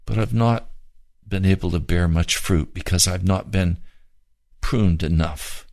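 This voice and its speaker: A man preaching a sermon, fervent and pleading, with slow drawn-out emphasis. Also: deep voice, vocal fry, darkish tone, dry recording.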